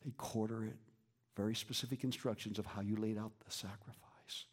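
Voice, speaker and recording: A man preaching a sermon as a pastor, moving between lively emphasis and hushed whispers. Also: fairly low pitch, brisk, breathy edge. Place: church.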